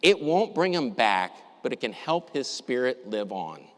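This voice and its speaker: A middle-aged man telling a personal story in a talk, reflective and measured, with deliberate pauses. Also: medium pitch, sing-song. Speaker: university administrator giving a talk. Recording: long reverb, as in a hall.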